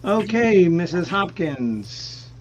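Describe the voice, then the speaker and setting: A man's voice: high-pitched, sing-song, slow. A man hosting a casual music chat over a video call, talking in a playful, joking way. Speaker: host. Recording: dull sound with faint noise.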